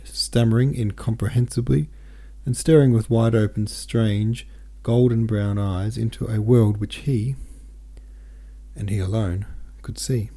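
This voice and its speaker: Male audiobook reader, low gravelly voice, dark tone, gentle and steady. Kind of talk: novel read aloud.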